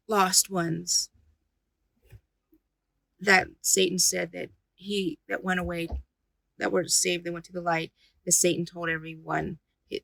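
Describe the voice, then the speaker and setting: A woman, a paranormal investigator, recounting an experience in halting speech full of fillers and restarts. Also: lowish voice, gravelly, a bit bright, dry recording, rough recording.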